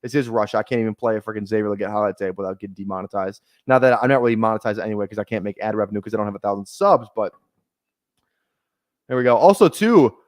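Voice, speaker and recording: While drafting fantasy football on a livestream, a man keeps up rambling, jokey, self-deprecating chatter. He talks quickly in a voice on the low side, captured in clean studio sound without echo.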